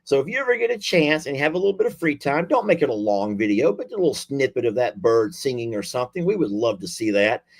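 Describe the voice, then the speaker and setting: A man hosting a livestream, chatting warmly with callers in a folksy, effusive way. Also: mid-range voice, sing-song, quick pace, few pauses. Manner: folksy, effusive, lots of y'all and sweetie. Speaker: livestream host. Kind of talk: casual chat with callers.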